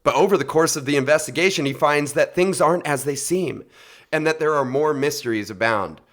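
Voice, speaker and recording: A man's voice: on the high side, fairly quick, fairly bright tone. A man co-hosting a casual film podcast, summarizing plots with frequent laughs. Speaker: podcast co-host. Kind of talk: casual chat.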